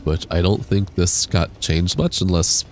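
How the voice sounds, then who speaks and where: A man's voice: deep voice, unhurried, over music. A man live-streaming a game on a desk microphone, chatting casually, reading chat aloud, laughing and swearing now and then. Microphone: desk USB microphone.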